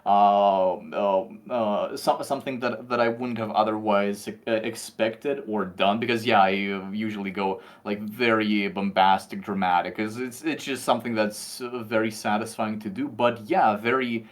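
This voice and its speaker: A man with a somewhat low voice and a faint Russian accent under mostly American-sounding English. He speaks earnestly but haltingly, stopping often on uh's and restarting his sentences. It is a relaxed podcast conversation. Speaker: voice actor guest. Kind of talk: casual podcast chat.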